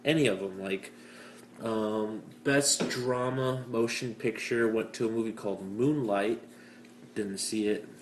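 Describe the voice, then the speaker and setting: A young man from Canada hosts a laid-back podcast chat in a cynical, self-mocking way, wandering through his thoughts with lots of fillers. His voice sits in a middle pitch. The room is echoey, with a faint hiss underneath. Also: a little slow. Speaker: podcast host. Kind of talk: casual chat.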